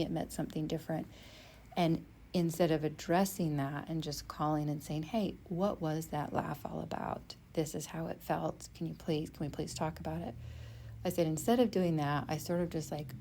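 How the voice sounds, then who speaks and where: Low-voiced woman telling a personal story. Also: dark tone, slight background noise. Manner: reflective, candid, drops to a near whisper for inner thoughts. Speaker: podcast host.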